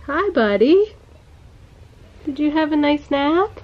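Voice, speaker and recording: A mother cooing gentle baby talk to her little children at home in a family vlog. Her voice sits a bit high for a woman. The camera audio is dull and lo-fi, with faint background noise. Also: lively intonation, slow, long pauses.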